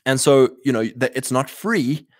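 A man's voice: mid-range voice, normal speed, no echo. Rambling man talking, dry sound. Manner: rambling, acts out quoted voices; frequent throat clearing and restarts. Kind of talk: casual monologue.

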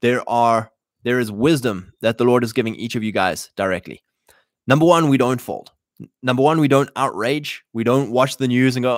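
A man's voice: medium pitch, moderate pace, dry recording, studio quality. A man hosting a casual, preaching talk to other men, blunt and exhorting, retelling old stories in everyday slang. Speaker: podcast host addressing men.

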